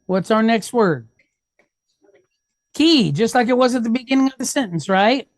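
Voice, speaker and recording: A woman teaches a reading lesson, patiently sounding out each syllable slowly, step by step, and checking in with the class. Her voice is a little high with lively intonation, recorded at studio quality with no echo.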